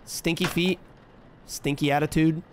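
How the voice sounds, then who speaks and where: A man's voice: on the high side, steady tone, unhurried, background noise. A young man streaming a horror game, chatting to himself, trash-talking the characters and swearing freely. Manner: profane, trash-talking, jumps to frantic yelling when scared. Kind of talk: horror game let's-play commentary.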